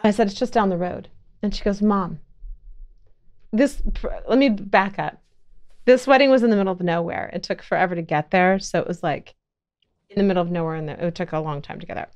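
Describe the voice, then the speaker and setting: A woman's voice: on the low side, quick pace, darkish tone. A middle-aged woman hosting a podcast, chatting casually and telling stories with frequent laughs. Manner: chatty storyteller who laughs often. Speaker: podcast host. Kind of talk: casual chat.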